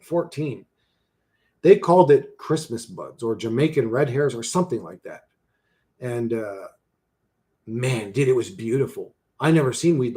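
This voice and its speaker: A man in his forties chats casually on a livestream with a mid-range voice, slangy and profane. He laughs a lot and swings between mumbling and loud bursts.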